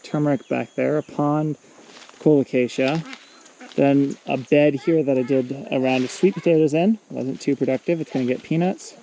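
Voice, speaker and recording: Gravelly guy walking round his farm outside, laid back, pointing at plants, loud crickets and bugs behind. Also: medium pitch, moderate pace. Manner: relaxed, points out plants as he walks. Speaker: farm owner giving a tour. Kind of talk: casual walking tour. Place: outdoor tropical farm. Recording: outdoor noise with insects and crickets.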